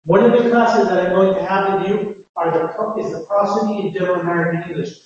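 Male lecturer with a high voice, halting and explanatory, recorded from far off in a roomy hall. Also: steady tone. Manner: halting, explanatory, many restarts. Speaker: phonetics lecturer. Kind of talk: classroom lecture. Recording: echoey lecture hall, distant dull mic.

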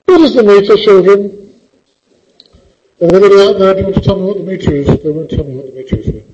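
A man's voice: sits high, fast talker, warm tone, dull audio, a little hiss or hum. A man teaching a poetry class, quizzing the students with a teasing, theatrical, impatient manner.

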